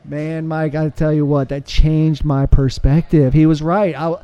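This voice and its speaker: Texan man, guest firefighter; earnest, animated storyteller, mellow tone, slightly raised pitch, lo-fi recording. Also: unhurried, clear, resonant tone, dry recording. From United States. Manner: earnest, laughs often, animated retelling. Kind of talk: casual interview chat.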